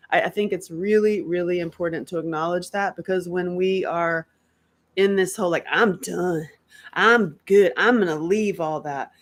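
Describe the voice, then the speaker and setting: A woman giving a casual, unscripted self-help talk as a workbook author, candid and emotional, rambling with many fillers and restarts. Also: medium pitch.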